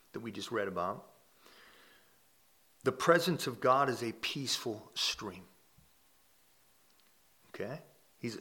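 A pastor with a mid-range voice gives a conversational sermon, frequently restarting phrases and checking in with "right?" He swells louder on key points and drops soft and quiet on calmer lines.

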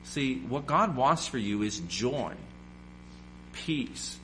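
Bright-voiced man preaching emphatically. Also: mid-range voice, expressive, takes it slowly, slight background noise. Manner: emphatic, repetitive, rhetorical questions. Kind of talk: sermon.

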